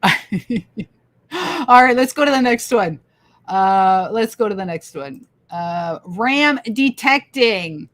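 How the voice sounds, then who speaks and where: A woman's voice: mid-range voice, animated, takes it slowly, a bit bright. A woman hosting a casual livestream, reading viewer comments aloud with enthusiasm and frequent laughter. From Canada. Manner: enthusiastic, laughs often, repeats phrases. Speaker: livestream host.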